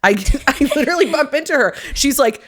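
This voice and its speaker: A woman's voice: high-pitched, animated, brisk, fairly bright tone. A young woman from Canada, a podcast guest, telling blunt, profane stories in casual chat.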